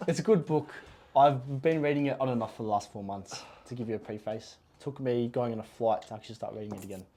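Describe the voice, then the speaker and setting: A man's voice: medium pitch, quick pace, mellow. A young man co-hosting a podcast, chatting casually with laid-back, jokey banter. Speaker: podcast co-host. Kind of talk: casual chat.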